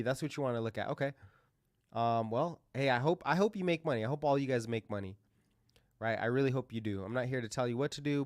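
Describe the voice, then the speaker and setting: A man's voice: mid-range voice, dry recording, studio quality. A man hosting a crypto livestream, talking casually and rambling through live chart commentary with lots of fillers and restarts.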